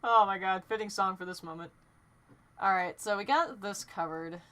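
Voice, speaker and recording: A young woman streaming from home, chatting casually while she draws; excitable and rambling, she laughs often and trips over her words. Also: mid-range voice, moderate pace. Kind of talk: casual live-stream chat while drawing.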